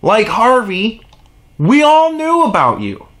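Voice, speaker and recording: A man's voice: high voice, huge pitch swings, slow, a bit bright. A man delivering an exasperated, profane opinion rant on his vlog, with sarcastic asides. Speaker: vlogger.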